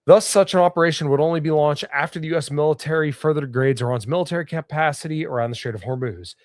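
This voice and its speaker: A man hosting a podcast, reading news articles aloud and adding casual commentary, with a stuffed-up nose and a halting delivery full of fillers and restarts. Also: on the high side, dry recording, studio quality. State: stuffed up, sniffling. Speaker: podcast host.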